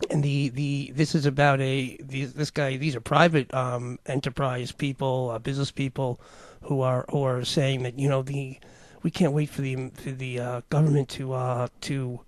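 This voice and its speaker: A man's voice: mid-range voice, darkish tone, dry recording. A man hosting a talk show, commenting casually on clips and rambling with many fillers and restarts.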